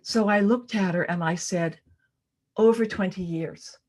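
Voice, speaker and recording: Older woman, storyteller, live personal story, dramatic pauses, hushed at tense moments, mid-pitched voice. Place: storytelling event.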